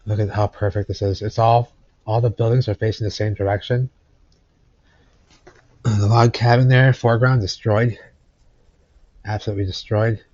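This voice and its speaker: A man's voice: steady tone, moderate pace, long pauses, a little mellow, dry recording. A man rambles through old photographs in casual commentary. He circles back and repeats phrases. The recording is dry and a little dull. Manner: rambling, repeats phrases, talks to his cat in a high cooing voice. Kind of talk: casual commentary over pictures. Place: indoors at home.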